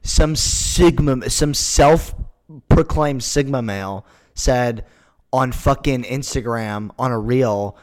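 A man's voice: mid-range voice, takes it slowly. A man hosting a podcast, chatting casually and joking, with swearing and fillers. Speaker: podcast host. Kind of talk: casual chat.

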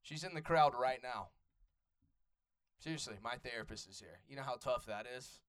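A man's voice: mid-range voice, expressive, normal speed, a bit bright. A young man from Atlanta with a Southern Atlanta accent, doing loose, profane stand-up crowd work on a comedy club stage. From Atlanta, USA. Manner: loose, profane, riffs with the audience.

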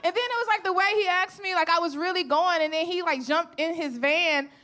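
A Chicago woman with a very high, bright, forceful voice does a fairly quick stand-up set on a club stage. She tells stories in a brash, profane, conversational style, recorded live with audience laughter and room murmur in the background.

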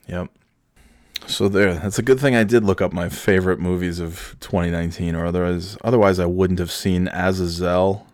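A man's voice: low voice, dry recording, studio quality. A man telling a story in a loose, rambling way, full of restarts, swearing and exasperation. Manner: rambling, profane, self-correcting and exasperated. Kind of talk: casual storytelling monologue.

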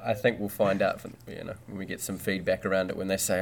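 A man's voice: on the low side, fairly even intonation, brisk, vocal fry, slight background noise. A man hosting a casual podcast, boisterous and joking, swearing freely as he chats with his co-hosts. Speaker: podcast host.

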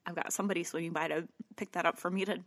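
A woman's voice: fairly low pitch, fairly even intonation, very fast, fairly bright tone, dry recording, clean studio sound. A woman in casual conversation, telling a long anecdote in a chatty way with some swearing. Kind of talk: casual chat.

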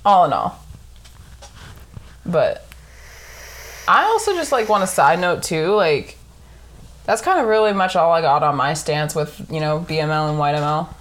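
A woman's voice: sits low, moderate pace, pauses often. A young woman on a casual podcast chat who tells stories with lots of laughter and swearing. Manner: laughs often, animated storytelling, swears freely.

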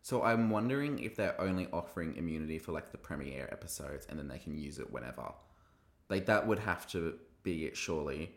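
Man, podcast host, gossipy recap chat, very lively pitch, echoey room. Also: a little fast, creaky. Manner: animated, gossipy, acts out quoted lines. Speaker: podcast host reviewing a TV episode.

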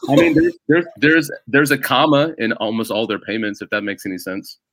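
A man's voice: medium pitch, little pitch movement, a little fast, a bit bright, no echo. A man raised in the United States, a comedian, telling rambling stories in a casual podcast chat, often stopping and restarting. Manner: rambling, self-interrupting storyteller. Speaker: stand-up comedian guest.

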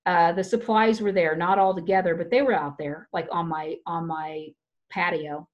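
A woman's voice: fairly low pitch, fairly even intonation, normal speed, dull audio. A woman talking in a loose, rambling way, often restarting her sentences as she tells a personal story in casual chat.

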